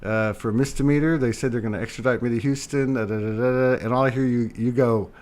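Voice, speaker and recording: A man's voice: mid-range voice, fairly even intonation, quick pace, a little mellow. A man hosting, dramatically retelling a story in casual talk. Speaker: host.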